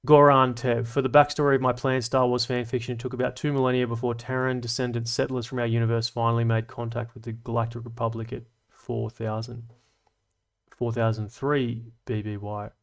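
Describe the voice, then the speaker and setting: A man's voice: mid-range voice, level tone, fairly quick. A man hosting a livestream, chatting casually and reading out comments, rambling, swearing and laughing often. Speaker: livestream host.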